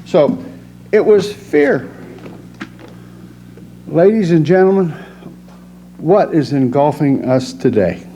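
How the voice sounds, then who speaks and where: In a church sanctuary, a man with a fairly high voice delivers a folksy, plainspoken, joking sermon, animated yet slow, with long pauses. The recording is dull, lo-fi, and very noisy.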